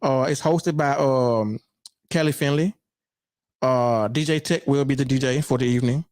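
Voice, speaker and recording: A man's voice: medium pitch, normal speed, no room sound. A man hosts a casual podcast chat in an easy, rambling way, stopping and restarting his sentences. His voice sits in a middle range, and it is recorded close and dry with no room sound. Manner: relaxed, loose, with frequent fillers and restarts. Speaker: podcast host.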